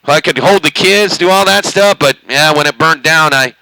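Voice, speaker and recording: A man's voice: on the high side, normal speed, gravelly, sharp tone, dry recording, rough recording. A man chatting casually on a CB radio from his bedroom, rambling with lots of fillers. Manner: rambling, folksy, hesitant fillers. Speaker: CB radio operator, channel host. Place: bedroom at home. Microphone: CB radio mic.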